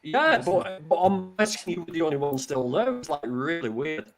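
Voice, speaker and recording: A man's voice: a little high, big pitch swings, normal speed, crowd noise, poor audio. A man hosting a casual video call chat, flustered and rambling. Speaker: host.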